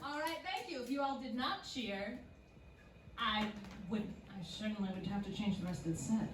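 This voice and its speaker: A woman's voice: a little high, moderate pace. A young woman doing a live stand-up set in a small club, self-deprecating and chuckling through her punchlines. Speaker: stand-up comedian. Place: small comedy club theater, live audience. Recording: echoey club room, distant, noisy.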